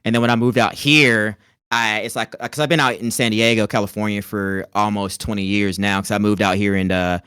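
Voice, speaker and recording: A man's voice: lowish voice, steady tone, a little fast, bright, forceful tone, clean tone, no echo, studio quality. A man from North Carolina with a light Southern twang, chatting in a laid-back way as a podcast guest. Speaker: podcast guest, content creator. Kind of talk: casual interview chat.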